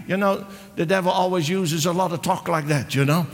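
A man preaching, retelling a story in a lively, repetitive way with frequent restarts. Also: high-pitched, a little fast, long reverb tail. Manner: animated, repeats himself, restarts often. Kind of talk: sermon storytelling.

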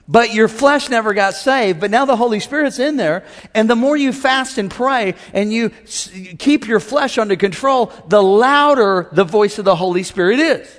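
A man's voice: sits high, moderate pace, big-room sound. A middle-aged man preaching a humorous sermon in a church, playful and joking, acting out voices and calling on the crowd to respond. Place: large church sanctuary.

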